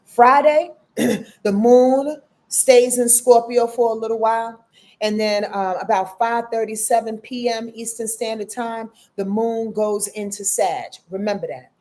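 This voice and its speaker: A woman in her fifties giving a casual astrology forecast, slangy and profane, calling her listeners y'all and swinging between loud outbursts and soft murmurs. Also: fairly high pitch, fairly even intonation, a little slow. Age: 50s. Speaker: astrology host.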